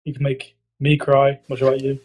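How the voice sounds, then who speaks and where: A man's voice: monotone, fairly quick, darkish tone. A man hosting a casual podcast chat, rambling, giggling and swearing, slipping into mock impressions. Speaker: podcast host. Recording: low-quality audio.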